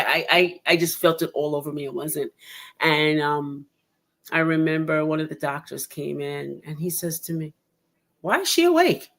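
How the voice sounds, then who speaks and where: A woman hosting a podcast in casual chat, telling her story with lots of laughter and acted-out quotes. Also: sits low. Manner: animated storyteller who laughs often and acts out quotes. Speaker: podcast host.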